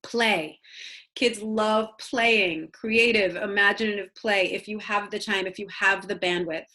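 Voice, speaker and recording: A woman speaks in an even, mid-range voice, talking through parenting strategies as a guest expert. She is earnest and conversational, often pausing on "um" and "you know" as she tells stories. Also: medium pitch. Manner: earnest, warm storytelling with many "um"s and "you know"s. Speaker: child psychologist guest speaker. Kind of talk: conversational talk with practical advice.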